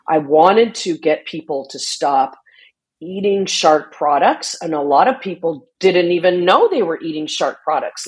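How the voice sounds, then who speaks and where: A woman with a low, husky voice appears as an interview guest advocating for shark conservation. She explains things earnestly and conversationally, often restarting and using fillers.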